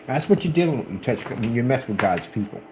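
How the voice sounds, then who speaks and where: A man's voice: medium pitch, expressive, quick pace, noisy background. A man giving an informal religious talk, emphatic and preachy, acting out the people in the stories he tells. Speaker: channel host.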